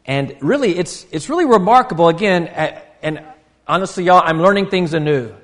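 A man's voice: high-pitched, expressive, a little fast, a bit bright, long reverb tail. A man, preaching a sermon in an earnest, conversational way with frequent restarts. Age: 50s. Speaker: pastor.

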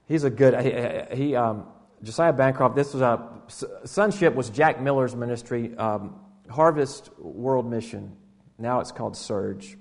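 A man preaching in a church in a plain mid-pitched voice. He stumbles and restarts often. His delivery swings from raised, lively passages down to soft, hushed asides. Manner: halting, repeats words and restarts, swings from loud animated to hushed. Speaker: pastor. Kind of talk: sermon.

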